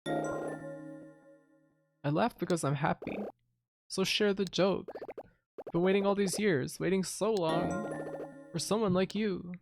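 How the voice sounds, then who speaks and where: Une femme jouant un fantôme solitaire et lent. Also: female voice, on the low side, takes it slowly, creaky, long pauses. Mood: wistful. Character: lonely male ghost, slow and solemn. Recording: game music playing behind.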